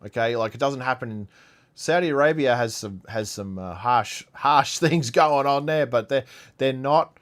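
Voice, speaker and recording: A man's voice: medium pitch, moderate pace, a bit bright. A man from Iran ranting on a live stream, sarcastic and repetitive as he reacts to clips. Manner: ranting, sarcastic, repeats himself. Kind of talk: heated commentary on played clips.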